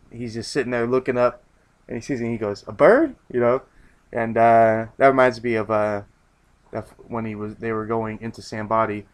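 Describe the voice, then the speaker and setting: A man's voice: medium pitch, clean tone. A man reviewing in a loose casual chat, rambling with many restarts and casual swearing.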